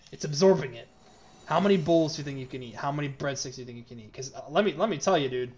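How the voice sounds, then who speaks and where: A man's voice: a little high, a little hiss or hum. A man riffing in casual comedic banter, rambling and profane, spinning absurd hypotheticals.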